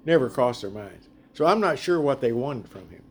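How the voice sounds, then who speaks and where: A man leading a casual group Bible study, chatty and animated, laughing often as he retells the story. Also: medium pitch, normal speed, a little hiss or hum.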